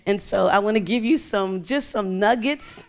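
A woman's voice: medium pitch, moderate pace. A middle-aged woman pastor preaching a sermon, telling stories with animation and acting out voices.

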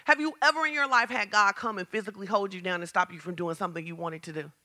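A woman pastor preaching a lively sermon, asking the congregation questions and building to shouts. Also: medium pitch, quick pace. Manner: talks straight to the congregation with questions.

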